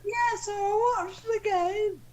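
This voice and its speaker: A hammy, wobbly falsetto, as a man puts it on for a laugh. It sits far above a normal male voice and quavers with a halting, slow delivery. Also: steady tone, darkish tone, a little hiss or hum. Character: squeaky falsetto comic voice, grown man. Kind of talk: casual chat.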